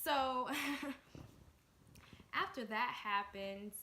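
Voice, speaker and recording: A young woman from the Washington, D.C. area telling a storytime vlog, excitable and chatty, with lots of fillers. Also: on the high side, very slow. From Washington, D.C. area, USA. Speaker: vlogger. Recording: echoey room with faint noise.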